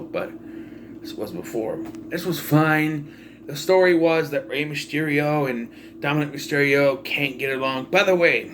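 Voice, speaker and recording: A man's voice: medium pitch, slight background noise. A young man giving a casual, opinionated wrestling recap, often exasperated and swearing. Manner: animated, exasperated ranting with profanity. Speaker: wrestling pay-per-view reviewer.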